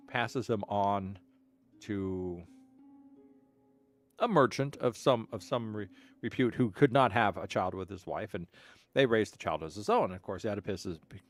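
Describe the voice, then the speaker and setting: A man streaming a game, telling a long story casually, with frequent restarts and stammered repeats. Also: fairly low pitch. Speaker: gaming streamer.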